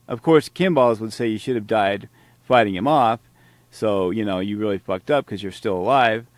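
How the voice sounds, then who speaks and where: A man's voice: lowish voice, normal speed, dry recording. A man hosting a podcast, reacting to a played talk with heated, profane, sarcastic commentary. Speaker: podcast host.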